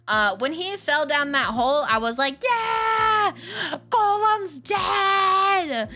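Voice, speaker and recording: A woman's voice: on the high side, sharp tone. A young woman streaming a game and chatting casually, ranting with slang and laughter. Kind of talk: casual chat while gaming. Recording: faint music behind.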